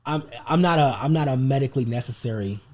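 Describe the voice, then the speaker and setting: A man's voice: mid-range voice, quick pace. A man talking casually as a podcast guest about his business, rambling with lots of fillers. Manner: relaxed, rambling, many fillers. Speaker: guest, paternity testing business owner. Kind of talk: casual interview talk.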